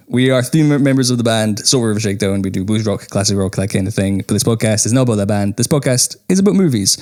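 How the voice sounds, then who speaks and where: A man's voice: lowish voice, animated, quick pace, few pauses, darkish tone. Giggly rambling man hosting a podcast. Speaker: podcast host. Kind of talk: casual chat.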